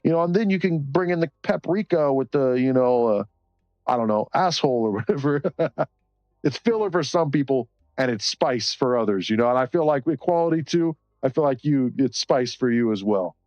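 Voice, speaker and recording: A man's voice: medium pitch, expressive, normal speed, darkish tone, no room sound, lo-fi sound. A man chatting casually on a live stream while coloring, rambling and cursing freely between short laughs.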